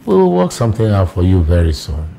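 A well-off Nigerian chief who talks down to a young man with easy goodwill. His voice is low and mellow, with a slow, drawn-out delivery that swings widely in pitch. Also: sing-song, vocal fry, a little hiss or hum, full character voice. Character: wealthy older male chief, genial boss. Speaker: employer. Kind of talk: film drama acting.

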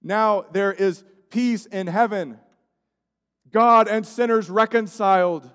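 A male pastor preaching a sermon, swinging between loud emphatic lines and hushed, quiet passages. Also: sits high, takes it slowly. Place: church sanctuary. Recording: church sanctuary with long reverb.

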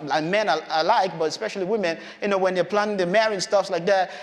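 A man's voice: high-pitched, fairly even intonation, fast. A man preaching a conversational sermon in a church hall. He acts out the voices of Bible characters in his own voice.

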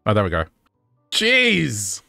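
A man's voice: on the low side, moderate pace, fairly bright tone, faint music behind. A man streaming a video game, joking playfully and talking to the characters as he plays. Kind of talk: playful gameplay commentary.

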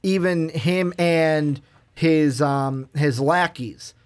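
A man's voice: fairly high pitch, fairly even intonation, very slow. A man co-hosting a casual movie review chat, rambling with lots of "like" and acting out the lines he quotes. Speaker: movie review podcast co-host.

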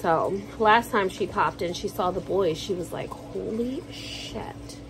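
A woman's voice: lowish voice, moderate pace, noisy background. A woman vlogger chatting casually to camera at home, telling stories in a slangy, joking way. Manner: chatty, slangy, jokey storytelling.

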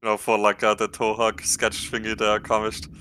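A man chatting casually while gaming, teasing his friend with dry, deadpan jabs. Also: fairly low pitch, fairly quick, slight background noise.

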